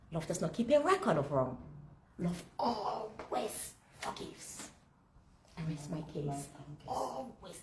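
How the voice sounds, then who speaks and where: Low-voiced woman preaching in a roomy hall. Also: a little mellow. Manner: preaching, with rhetorical questions and scripture. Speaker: speaker leading a masterclass. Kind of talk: sermon-like teaching talk. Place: event room. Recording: roomy hall with faint background noise.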